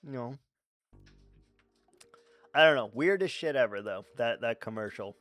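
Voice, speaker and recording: A man's voice: mid-range voice, lively intonation, unhurried, fairly bright tone. A man chatting casually while streaming a game, rambling, swearing freely and talking to his chat. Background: faint background music.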